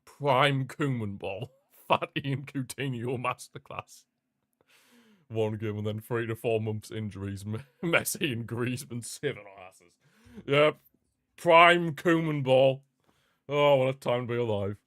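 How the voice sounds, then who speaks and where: A man hosting a live football watchalong, chatting excitedly, reacting to the match and answering viewer comments. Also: medium pitch, measured pace, no echo. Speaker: watchalong host.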